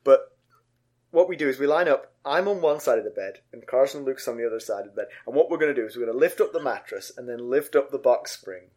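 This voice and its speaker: A middle-aged man co-hosting a podcast, with a lively voice that swoops widely in pitch. He tells funny stories with bursts of laughter and sudden high-pitched yelps. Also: fast talker. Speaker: podcast co-host. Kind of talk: casual chat and animated storytelling.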